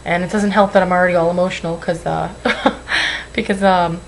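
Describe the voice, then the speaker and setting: A woman's voice: lowish voice, steady tone, normal speed, a little hiss or hum, rough recording. Rambling, nervous young woman on webcam. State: tearful. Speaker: weight-loss vlogger. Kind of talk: emotional webcam vlog.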